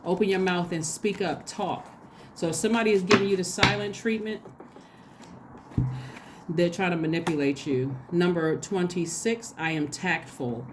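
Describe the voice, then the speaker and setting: A woman with a fairly low voice talks through a tarot reading in a relaxed, chatty way. She gets excitable and speaks straight to her viewers. A faint hiss of noise sits behind her. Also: moderate pace. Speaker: tarot reader. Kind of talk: casual spoken tarot reading.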